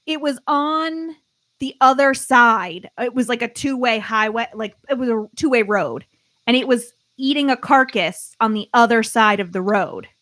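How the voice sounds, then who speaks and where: A woman with a somewhat high voice co-hosting a podcast. She tells a story at an easy, measured pace in casual chat. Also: fairly bright tone. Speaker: podcast co-host.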